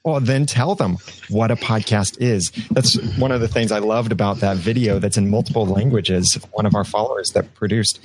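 A man's voice: lowish voice, moderate pace, background noise. A man co-hosting a live podcast show, speaking in an upbeat, encouraging way. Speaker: co-host.

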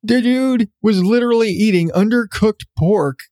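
A man's voice: high voice, moderate pace, dark tone, no echo, clean studio sound. A man hosting his own podcast, ranting in a sarcastic, profane way about news stories. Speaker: podcast host. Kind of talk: solo podcast commentary.

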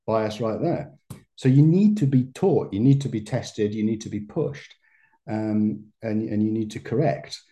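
A man's voice: lowish voice, unhurried, warm tone. A man, a massage therapist and educator, talking as a podcast guest in a reflective way, often restarting his phrases and laughing lightly. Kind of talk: conversational podcast interview.

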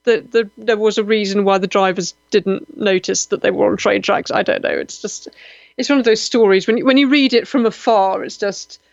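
A woman's voice: mid-range voice, normal speed, creaky, no echo. Chatty woman radio host, dry dull sound. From Malta. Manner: animated, gushing with exclamations, self-deprecating humor. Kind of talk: chatty live radio talk, reading listener comments.

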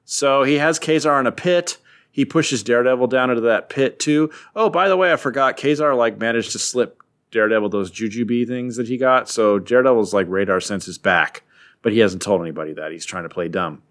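A man with a middle-pitched everyday voice, casually recapping a comic story. He rambles and jokes along the way, often stopping for filler words. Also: brisk, fairly bright tone. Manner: rambling and jokey, with many fillers. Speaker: podcast host recapping a comic. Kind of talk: casual chat.

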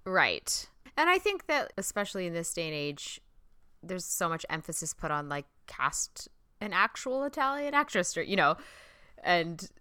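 A woman co-hosting a podcast, giving blunt, animated opinions in a casual film review chat. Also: fairly low pitch, normal speed, clear, resonant tone, no room sound. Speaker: podcast co-host.

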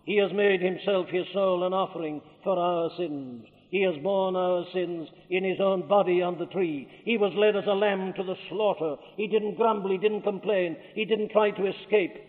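Fervent preacher with a Welsh accent, tinny hall recording. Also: male voice, high voice, fairly even intonation, normal speed, hardly any pauses. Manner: fervent, rising to loud declamation. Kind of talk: sermon.

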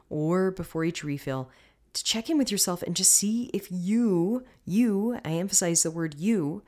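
A woman's voice: sits low, a little mellow. A woman coaching listeners on mindful eating in a chatty, encouraging way, with many "you know"s. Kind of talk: casual advice talk to listeners.

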